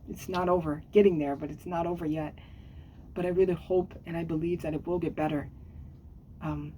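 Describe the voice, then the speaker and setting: A woman chatting to camera in a rambling, earnest way, with many fillers and restarts and bursts of squeaky excitement. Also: a little hiss or hum. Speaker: vlogger. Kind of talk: casual chat to camera. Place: at home on a squeaky chair.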